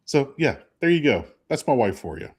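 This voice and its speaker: A man tells stories in a loose, chatty way, with a pitch that climbs and dips a lot. He acts out the voices of the people he quotes and keeps the talk casual, like a radio co-host. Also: brisk, husky. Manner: animated storyteller acting out quotes. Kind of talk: casual storytelling chat.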